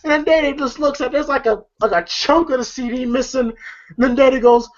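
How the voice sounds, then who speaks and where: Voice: high-pitched, steady tone, fairly quick, highs cut off. A movie reviewer recapping a film scene by scene in a loose, rambling way, swearing freely and often laughing, with lots of fillers.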